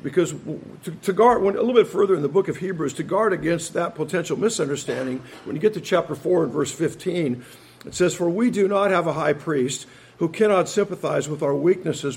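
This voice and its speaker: A man preaching a methodical expository sermon, slowing down when he reads scripture and quotations. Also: on the high side, a little mellow, slightly rough. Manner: slows down to read scripture and quotes; methodical, enumerates points, occasional restarts.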